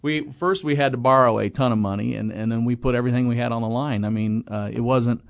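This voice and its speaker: A middle-aged man who owns apartment property speaks as an interview guest, telling a long, rambling story about his business with restarts and acted-out quotes; he was in his 20s in 1997. His medium-pitched, gravelly voice is steady in tone, and he talks fast. The recording is dry and studio-clean.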